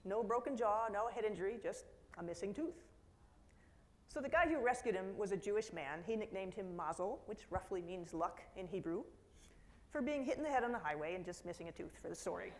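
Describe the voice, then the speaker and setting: A middle-aged woman giving a conference keynote talk in a lively storytelling manner, slipping into quoted voices and asides to the audience. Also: mid-range voice, brisk. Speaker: keynote speaker. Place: conference hall.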